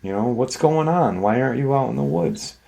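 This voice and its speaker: A man's voice: medium pitch, lively intonation, fairly quick, creaky, warm tone. A man voicing a worried mother asking where her children have gone. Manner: anxious questioning.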